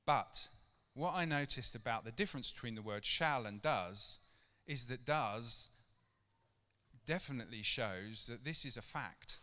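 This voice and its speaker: In a church hall with long reverb, a middle-aged man preaches a casual sermon, chatty and conversational, posing rhetorical questions to the congregation. His mid-range voice is expressive, unhurried and sharp in tone.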